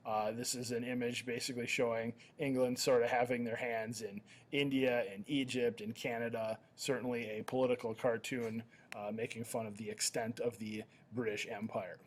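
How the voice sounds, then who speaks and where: A man's voice: medium pitch, little pitch movement, normal speed, few pauses, a little hiss or hum. A man teaching history in a recorded slideshow lecture, talking conversationally with lots of "uh" and "um" fillers and the odd self-correction.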